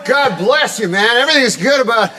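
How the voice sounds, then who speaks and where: A man guesting on a talk show, spinning a long joke in a rambling, deadpan, folksy way. His voice is fairly high and ringing bright. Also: fairly quick. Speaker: comedian guest.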